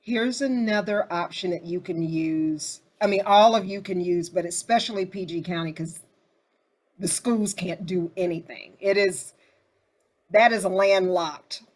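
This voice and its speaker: A woman hosting a casual group discussion, chatty and animated as she tells stories. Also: on the low side, measured pace.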